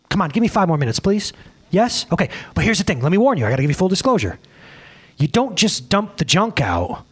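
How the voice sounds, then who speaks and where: A male pastor preaching a casual sermon, excitable and rambling, often laughing at himself. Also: a little high, breathy edge.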